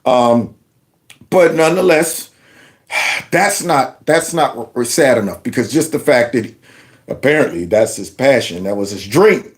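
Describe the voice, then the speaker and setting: Brief: male host, mid-pitched, lively swooping delivery, mocking reaction commentary. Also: measured pace. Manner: mocking, laughing, animated. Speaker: channel host. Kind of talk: reaction commentary on news clips.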